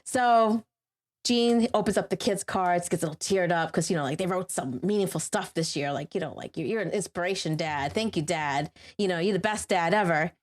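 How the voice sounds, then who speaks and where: A woman's voice: lowish voice, brisk. A middle-aged woman and mother hosting a podcast, chatting casually and acting out quoted lines with lots of fillers. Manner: animated, acts out quoted lines, many fillers. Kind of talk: casual storytelling chat.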